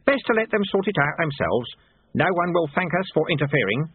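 Wily old monk, a man playing him a few notes up, amused and sly, husky, phone-like sound. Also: fairly high pitch, big pitch swings, fairly quick, no echo, pitched above the performer's own voice.

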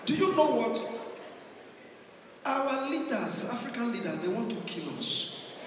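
A man doing stand-up comedy in mock-formal addresses, punchy and loud at times. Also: extremely high pitch, very animated, unhurried. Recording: roomy hall, far from the mic, noisy.

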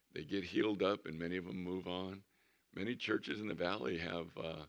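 A man's voice: low-pitched, creaky, lo-fi sound. A man in his sixties, a pastor preaching a conversational sermon with humorous storytelling in a church. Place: church sanctuary.

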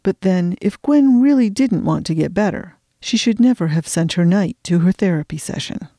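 A woman narrating an audiobook in a steady, measured storytelling voice. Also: lowish voice, dry recording, clean studio sound.

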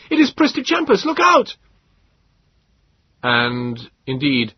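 A man narrates a story in the first person, his low voice rough and husky. His delivery moves lively through a wide pitch range. The recording sounds dull and dry. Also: dry recording. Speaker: audiobook narrator.

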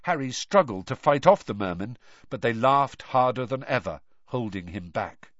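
Male audiobook narrator, expressive with lively pitch, dry booth with a dull, muffled tone. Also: normal speed, dry recording. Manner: expressive storytelling. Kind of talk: scripted narration of a novel.

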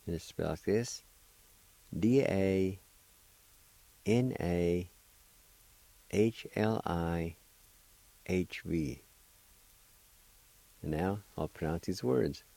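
A man's voice: low voice, drawn-out words, creaky, pauses often, warm tone, rough recording. A man teaching a radio language lesson, patient and encouraging as he spells words out one letter at a time, on a close studio microphone.

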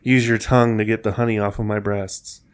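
A man mockingly imitating a coy, flirty suburban mother in a raised falsetto. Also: flat delivery, a little fast, lightly acted. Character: flirty suburban mom, woman, coy and suggestive.

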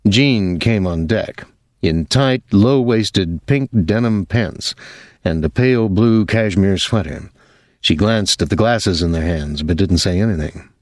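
A man reading a novel aloud in measured, even narration. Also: low-pitched, no echo, studio quality. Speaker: audiobook narrator. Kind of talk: scripted narration.

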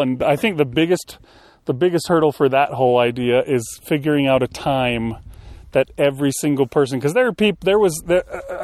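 Guy cohosting a podcast, kinda high voice, laid back, lots of uhs, dry sound. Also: dry recording. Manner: relaxed, thinking aloud with fillers. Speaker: podcast co-host. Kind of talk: casual chat. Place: outdoors on a hill.

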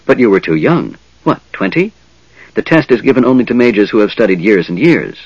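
A man's voice: fairly low pitch, lively intonation, fairly quick, darkish tone, slightly rough, dry recording, dull audio. A man voicing a troubled half-elf man who speaks in stunned, questioning tones. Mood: uneasy.

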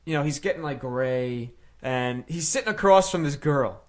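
A man's voice: medium pitch, animated, moderate pace. A man co-hosting a podcast who tells a long story in casual chat, rambling with plenty of fillers and restarts. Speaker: podcast co-host.

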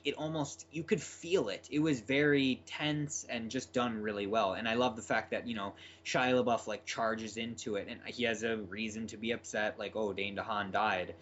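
A man's voice: mid-range voice, a bit bright, muffled recording, a little hiss or hum. A man co-hosting a podcast, chatting casually and enthusiastically about a film, with lots of fillers. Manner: rambling, enthusiastic, many fillers. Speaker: podcast co-host.

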